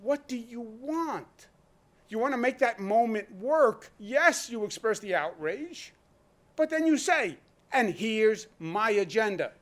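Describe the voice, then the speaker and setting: A man's voice: very high voice, animated, slow pace, a bit bright. A man, a state governor giving an impassioned speech full of rhetorical questions and punchy short phrases. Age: 60s. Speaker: state governor at a press briefing.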